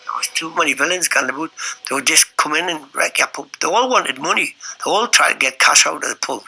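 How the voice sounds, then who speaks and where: A man's voice: on the high side, fairly quick, creaky, bright, forceful tone, slight background noise, low-quality recording. A man, a former publican, recounting events to an interviewer in a blunt, matter-of-fact way. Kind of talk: casual storytelling.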